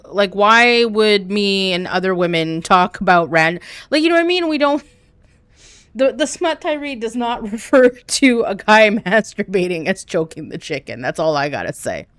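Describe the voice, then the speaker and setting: A woman's voice: mid-range voice, lively intonation, moderate pace, fairly bright tone, smooth, no room sound. A woman streaming a game live, chatting candidly and jokingly with her viewers as she plays. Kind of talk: casual chat while playing live.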